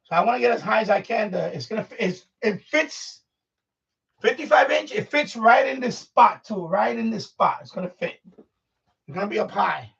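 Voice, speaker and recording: A middle-aged man live-streams from his home studio, tidying and moving around as he chats in a rambling, out-of-breath way with fillers and restarts. His high voice is expressive and fairly bright, creaky with a breathy edge, at a moderate pace. Sound comes from a distant, dull lo-fi mic.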